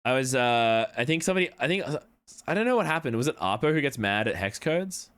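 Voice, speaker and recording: Young adult male streamer, casual rambling chat, animated swings in pitch, clear resonant tone, loose with the swearing. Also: fast.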